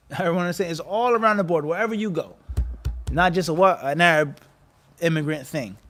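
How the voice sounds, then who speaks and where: A man giving an animated religious lecture and firing rhetorical questions at his listeners. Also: on the high side, normal speed. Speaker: Islamic teacher.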